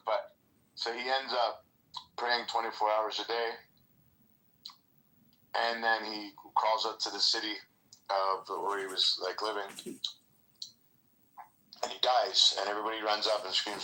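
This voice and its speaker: A man telling a story in casual chat, animated and full of filler words. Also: fairly low pitch, measured pace, pauses often, slight background noise, low-quality recording.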